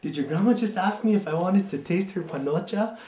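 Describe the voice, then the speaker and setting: A man voicing his eager young friend, a skinny Marine, in a raised, excited voice, in an echoey room. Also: fast talker. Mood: shocked. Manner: excited, high-pitched.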